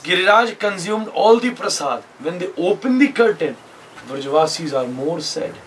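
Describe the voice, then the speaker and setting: A man giving an animated devotional storytelling sermon at a retreat; he acts out voices and leads the chanting. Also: high voice, normal speed, a little hiss or hum, rough recording. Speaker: spiritual teacher. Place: retreat hall.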